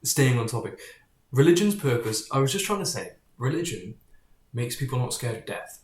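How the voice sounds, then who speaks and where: A man's voice: medium pitch, sing-song, normal speed. Rambling man in an echoey room. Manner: digressive, keeps drifting off topic, blunt and profane. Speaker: vlogger. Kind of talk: casual rambling monologue to camera.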